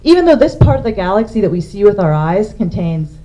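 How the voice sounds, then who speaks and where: A woman's voice: mid-range voice, very animated, a little fast, mellow. A woman astronomer giving a public science lecture, explaining things step by step while pointing to slides. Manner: explanatory, walking through slides. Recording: dull lo-fi lecture recording.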